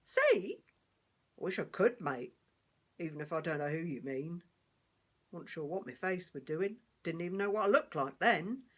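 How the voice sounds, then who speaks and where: A woman doing a wry blind beggar man. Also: fairly low pitch. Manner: rough-spoken, colloquial storytelling. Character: streetwise blind male beggar, blunt and wry.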